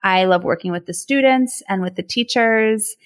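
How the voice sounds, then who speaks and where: A woman's voice: medium pitch, moderate pace. A woman from Ohio, co-hosting a podcast in casual chat with friends, chatty and laughing often. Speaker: podcast co-host.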